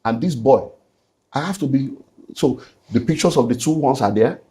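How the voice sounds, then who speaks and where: A man's voice: medium pitch, expressive, normal speed, warm tone. Nigerian man, middle-aged, pastor guest, earnest testimony with Pidgin asides. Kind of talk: emotional personal testimony.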